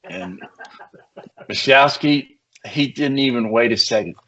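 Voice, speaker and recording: An older man, a retired police negotiator, telling animated stories in casual conversation and acting out the people he quotes. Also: medium pitch, measured pace, a little hiss or hum. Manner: animated anecdotes, acts out quoted voices. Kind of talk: casual storytelling. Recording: muffled lo-fi sound.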